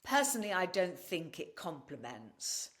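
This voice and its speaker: A woman guest on a podcast interview, telling her own story in a candid, blunt and animated way, swearing freely. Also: lowish voice, moderate pace. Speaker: podcast guest and wellness practitioner.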